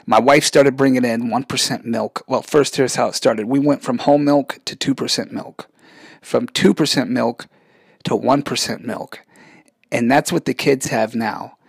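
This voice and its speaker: A man's voice: mid-range voice, fairly even intonation, normal speed, vocal fry, breathy edge, dry recording. A man, hosting a casual rant vlog in a rambling, sarcastic way, often cutting himself off mid-sentence. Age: 40s. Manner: rambling, sarcastic, self-interrupting. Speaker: vlog host.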